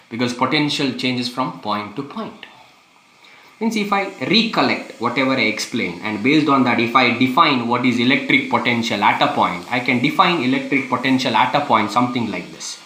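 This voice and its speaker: A man's voice: mid-range voice, pushed and bright, echoey room. A man teaching a physics lesson, repeating key phrases with emphasis and asking rhetorical questions. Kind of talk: classroom lecture.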